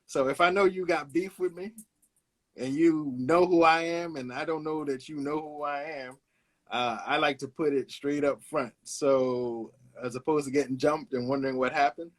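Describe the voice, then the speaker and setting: A laid-back man from Brooklyn, New York, an illustrator appearing as a guest, tells stories in a casual interview. His voice sits on the high side, with fairly even intonation and a moderate pace. He hesitates with "uh" and laughs along as he shares anecdotes.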